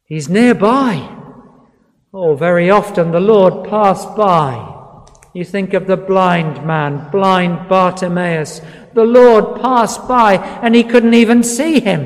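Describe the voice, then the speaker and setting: Man, sermon, earnest and pleading, slow pace, long hall echo. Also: high voice. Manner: earnest, pleading, repeats words for emphasis. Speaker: preacher.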